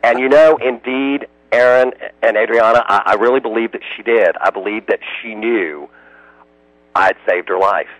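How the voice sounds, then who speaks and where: A man's voice: on the low side, moderate pace, a bit bright, no echo, poor audio. An American man, a radio interview guest, telling emotional stories and slipping into other people's voices. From United States.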